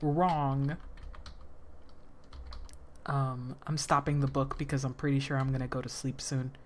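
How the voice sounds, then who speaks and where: A woman's voice: a bass voice, little pitch movement, measured pace, a little hiss or hum. A woman streamer chatting casually and crudely, swearing and joking as she reacts to a story. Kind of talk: casual live-stream chat.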